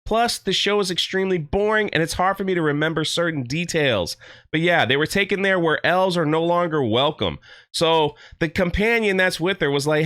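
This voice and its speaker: Sarcastic guy reviewing a show, high bright clear voice, pokes fun at it. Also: moderate pace, no echo, studio quality. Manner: sarcastic, mocking. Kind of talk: casual review vlog.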